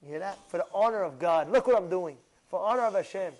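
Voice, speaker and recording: High-voiced, animated man preaching. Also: fast, low-quality recording. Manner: animated, emphatic storytelling with rhetorical questions. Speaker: rabbi. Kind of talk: sermon to a congregation.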